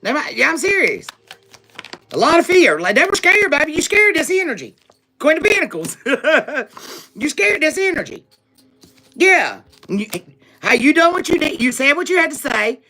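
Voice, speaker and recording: A woman's voice: high voice, sing-song, normal speed, sharp tone, soft background music. A woman giving a live tarot reading, talking in a sassy, emphatic way straight to her viewers, with frequent laughs. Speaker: tarot reader.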